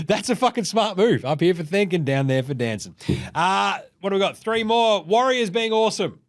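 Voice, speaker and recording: Man, fairly high voice, profane, rambling, jokey sports host. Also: expressive, moderate pace. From Australia. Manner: profane, rambling, acts out players in silly voices. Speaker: basketball podcast host. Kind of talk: casual sports commentary.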